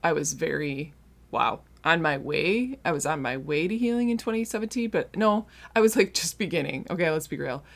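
A woman's voice: deep voice, expressive, moderate pace, creaky. A middle-aged woman hosting a faith-based podcast, talking earnestly and directly to her listeners in a casual, conversational way. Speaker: podcast host and marriage coach client.

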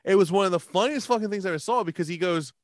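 A man telling stories in a casual chat, animated, swearing a lot and laughing often. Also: high voice, racing, dry recording. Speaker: podcast co-host.

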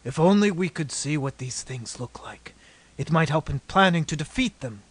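A man's voice: fairly high pitch, lively intonation, moderate pace, breathy edge. A man doing a thoughtful old professor. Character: thoughtful older male professor.

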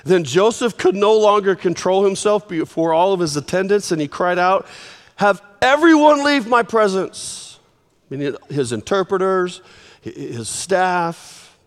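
A man preaching a sermon, telling the story in an animated way, with sudden swings in volume. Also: high voice, moderate pace. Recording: long reverb of a large hall.

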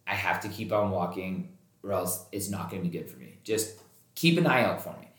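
A man whose voice sits low talks a little fast as he hosts a podcast in a roomy, echoey recording. He relates a story in casual chat, animatedly acting out the dialogue and swearing liberally.

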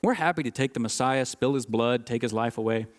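A man's voice: mid-range voice, fairly quick, long reverb tail. A man preaching a sermon, earnest and teaching, stressing key words and sometimes restarting phrases. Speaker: pastor.

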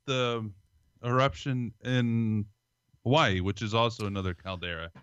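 Smooth-voiced podcast man, dry and wry. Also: mid-range voice, fairly even intonation, a little slow, a bit bright, dry recording, muffled recording. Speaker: podcast co-host. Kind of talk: casual chat, reading an article aloud.

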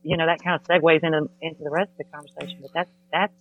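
A man chatting on a podcast in an excitable, joking way. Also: on the high side, rapid-fire, phone-quality sound. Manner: excitable, bursts of cheering. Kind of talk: casual podcast chat.

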